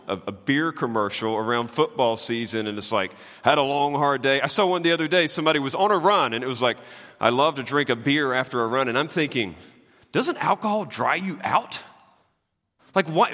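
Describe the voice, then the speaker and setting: A man preaching a sermon as a pastor, animated and swinging between loud and hushed, with jokey asides. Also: high-pitched, in a large hall.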